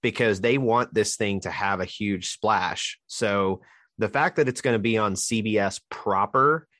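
A man from Alabama hosting a casual podcast chat in a relaxed, chatty way. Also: fairly low pitch, a little slow, no echo, clean studio sound. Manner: relaxed, chatty, plugs the show. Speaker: podcast host.

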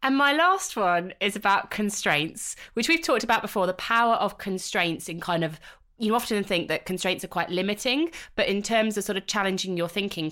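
A woman co-hosting a casual book chat, explaining ideas through lively examples. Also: medium pitch. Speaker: podcast co-host. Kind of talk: casual chat about books.

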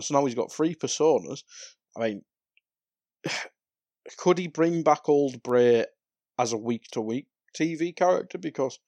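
A man co-hosting a podcast, rambling in a relaxed way with frequent laughs and sighs. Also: medium pitch, no room sound. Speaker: podcast co-host. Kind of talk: casual wrestling chat.

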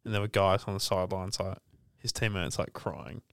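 A young man with a lowish, gravelly voice that still sounds smooth. He tells stories with emphasis and acts out the quotes in them. The recording is dry. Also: steady tone, moderate pace, a bit bright, no room sound. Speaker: podcast co-host. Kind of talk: casual chat.

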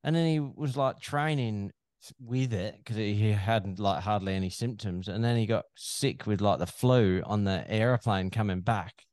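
A laid-back man co-hosting a casual podcast, his voice sitting low. The sound is dry and close, with no room around it. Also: moderate pace, darkish tone, no room sound. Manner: laid-back, breaks into high mock voices for jokes. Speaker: podcast co-host. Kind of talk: casual chat.

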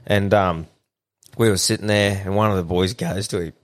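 An Australian man in his thirties co-hosts a podcast in casual chat, telling stories with plenty of swearing and frequent laughter. His voice sits fairly low, with fairly even intonation and a moderate pace, and his manner is laid-back.

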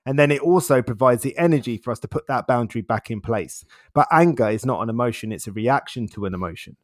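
A man's voice: mid-range voice, fast, no room sound, clean studio sound. A man as an interview guest, talking in a reflective, casual way, laughing often and repeating words as he thinks.

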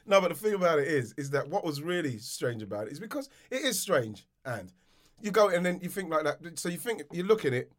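A man tells rambling stories, laughing as he goes. His voice swoops up and down with a lot of energy and sits a little high for a man. He restarts his sentences constantly and keeps a loose, conversational tone. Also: sing-song, a little fast. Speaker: podcast guest. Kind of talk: casual chat.

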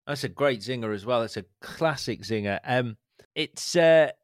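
A man hosting a casual interview, relaxed and steering the questions with fillers. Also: medium pitch, moderate pace, dry recording. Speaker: interview host.

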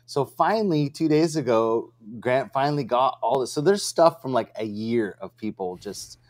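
A man's voice: medium pitch, moderate pace. A man co-hosting a business livestream, telling stories casually with lots of fillers and acted-out quotes. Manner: animated storyteller, acts out quoted voices, many fillers. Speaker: co-host of a vending business livestream. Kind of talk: casual storytelling chat.

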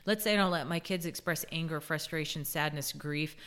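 A middle-aged woman with a low-pitched voice co-hosts a casual podcast. She speaks earnestly, drawing on stories about her own children. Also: a little fast, a bit bright. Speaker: podcast co-host.

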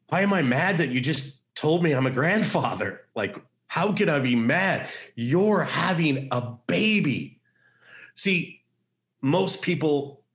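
Man, middle-aged, mid-pitched voice, earnest, emphatic, repeats his points, podcast interview guest. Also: a bit bright. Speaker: pro-life activist guest. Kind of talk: personal storytelling in a podcast interview.

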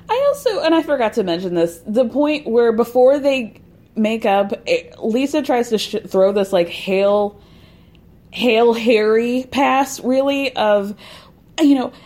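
A woman casually recapping a TV reunion, sarcastic, with frequent laughs and animated asides. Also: a little high. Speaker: podcast host recapping a TV reunion.

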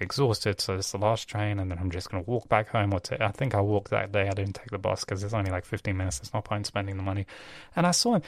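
A young man rambles through a casual solo talk, correcting himself and swearing freely. His voice sits somewhat low, and the sound is dry and close. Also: no room sound. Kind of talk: casual monologue.

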